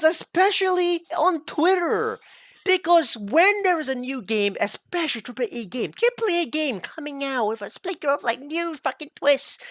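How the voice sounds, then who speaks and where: A woman's voice: a little high, a bit bright, dry recording, clean studio sound. A woman streamer ranting in a heated, emphatic casual monologue, swearing often.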